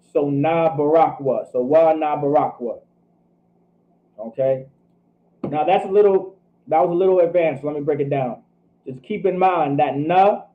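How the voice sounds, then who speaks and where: A man's voice: a little high, narrow, tinny audio. Guy teaching a hebrew class over a thin phone-ish line, talks it through, lots of "all right". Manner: thinks aloud, checks himself, repeats "all right" often. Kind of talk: teaching a scripture language class.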